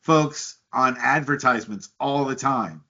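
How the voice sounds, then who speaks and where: A man's voice: medium pitch, a little slow, pushed and bright, dull audio. A man from the United States hosting a podcast, talking at length, repeating words and winding up long questions for his guest. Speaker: podcast host. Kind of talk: casual interview chat.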